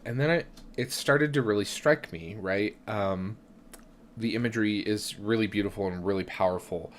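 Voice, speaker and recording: A man's voice: lowish voice, normal speed, a little hiss or hum. Reflective man chatting on a live stream. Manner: reflective, chatty, many "right?" tags and restarts. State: has hiccups. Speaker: tarot reader and channel host. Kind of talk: live-stream casual talk.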